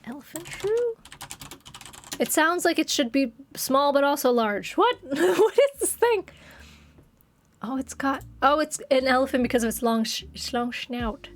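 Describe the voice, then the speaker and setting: A woman streamer chatting casually with her viewers, giggling often and getting excited as she reads the chat. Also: sits high, normal speed. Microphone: desk microphone.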